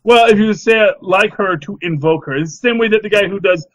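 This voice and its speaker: A middle-aged man co-hosts a casual podcast chat, his voice sitting a little higher than most men's. He rambles in an animated way, restarting sentences as he goes. The sound is dry and close. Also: fairly quick, no echo, highs cut off. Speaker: podcast co-host.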